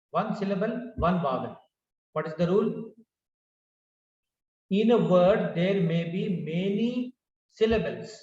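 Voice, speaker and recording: A man with an Indian English accent teaching a pronunciation lesson, repeating each word several times to drill it. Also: sits high. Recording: roomy, distant, dull lo-fi sound.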